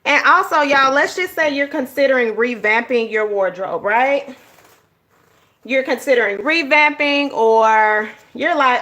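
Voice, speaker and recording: A woman's voice: high-pitched, a little slow, a bit bright. Chatty woman hosting a livestream. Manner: chatty, addresses viewers as "y'all" and "honey". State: out of breath. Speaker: planner-craft livestream host. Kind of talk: casual livestream tutorial chat.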